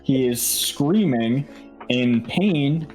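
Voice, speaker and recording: Halting man running a horror game. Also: mid-range voice, animated, a little mellow, soft background music. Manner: halting, stammering restarts. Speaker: game master. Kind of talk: narrating a tabletop horror game.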